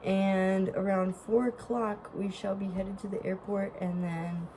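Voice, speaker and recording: A woman's voice: mid-range voice, flat delivery, measured pace, mellow, a little hiss or hum, low-quality recording. A woman vlogger with a stuffed-up nose, chatting casually to her camera, apologetic and laughing often. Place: vacation lodging.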